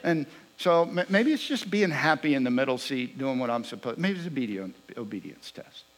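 A man preaching a sermon, telling a personal story with lively swings between loud bursts and hushed asides. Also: medium pitch, moderate pace, poor audio.

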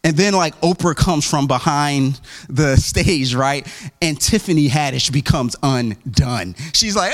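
A man preaching a conversational sermon as pastor, with frequent restarts and asides, now and then acting out quoted voices in a much higher pitch. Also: animated, moderate pace, fairly bright tone. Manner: acts out quoted voices with big pitch jumps.

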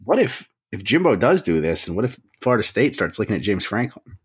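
A man co-hosting a casual podcast with a husky, fairly low voice. His pitch moves around a lot as he trades wry, teasing remarks with his co-host. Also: very animated, brisk.

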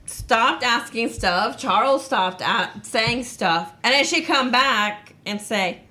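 A woman's voice: fairly high pitch, unhurried, hardly any pauses, bright, forceful tone. A woman, a school teacher, telling a story in casual chat, laughing, swearing and acting out the quotes. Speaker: podcast guest, school teacher.

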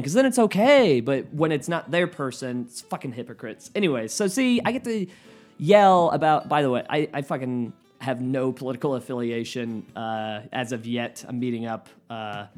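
A man hosting his own podcast from his living room, rambling and swearing, often flaring into yelling. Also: medium pitch. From United States. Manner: profane, rambling, flares into yelling. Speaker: podcast host and stand-up comedian. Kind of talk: solo podcast rant.

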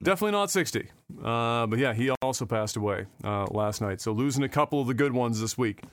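A man's voice: mid-range voice, expressive, quick pace, dry recording. A man hosting a casual podcast, chatting and rambling about movies and games, swearing freely. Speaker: podcast host. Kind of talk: casual chat.

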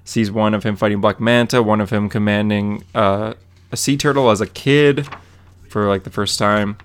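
A man's voice: fairly low pitch, fairly even intonation, normal speed, clear, resonant tone. Rambling man recapping comics casually. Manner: rambling, lots of fillers and quoted dialogue. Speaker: podcast co-host.

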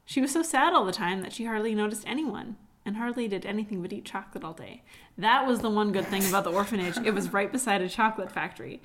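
A woman's voice: mid-range voice, quick pace, a bit bright. A woman co-hosting a podcast, chatting casually between reading out a childhood story, with a giggly, rambling manner. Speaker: podcast co-host. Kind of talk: casual chat and reading aloud.

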